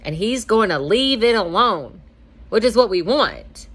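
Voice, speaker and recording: A woman's voice: medium pitch, lively intonation, moderate pace. A young woman hosting a casual advice talk, chatty and acting out little dialogues in a lighter voice. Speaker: host giving marriage advice.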